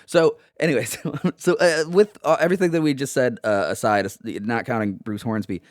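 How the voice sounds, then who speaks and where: A man's voice: medium pitch, fairly even intonation, normal speed, no echo, clean studio sound. A man co-hosting a casual history podcast, rambling and swearing and laughing at his own jokes. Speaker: podcast co-host.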